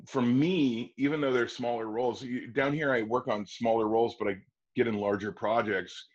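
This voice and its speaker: Animated storytelling man in his forties. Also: normal speed. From Wisconsin, USA. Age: 40s. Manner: animated storyteller, acts out quotes in a high excited voice. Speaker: actor guest. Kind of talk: casual interview chat. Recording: dull lo-fi audio.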